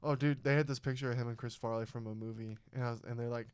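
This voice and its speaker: A young man telling a story on a casual podcast, swearing freely and talking with animation. His voice is smooth and resonant, pitched in the middle for a man. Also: fairly even intonation, fast talker, a little mellow. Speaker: podcast host. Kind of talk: casual chat.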